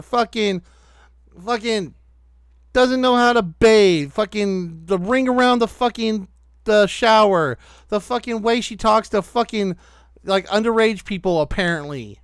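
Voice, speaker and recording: A high-pitched man rants with heavy profanity as a podcast host reacting to clips. His voice is smooth and resonant, recorded close and dry. He keeps up a steady stream of angry commentary. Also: no echo. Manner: angry, profane, rapid-fire ranting.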